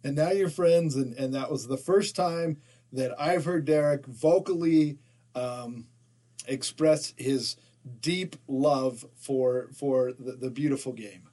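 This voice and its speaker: A man's voice: medium pitch, slow pace, mellow. Chatty man from Utah, joking. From Utah, USA. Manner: joking, laughs often, restarts and stammers. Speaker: podcast co-host. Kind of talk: casual chat.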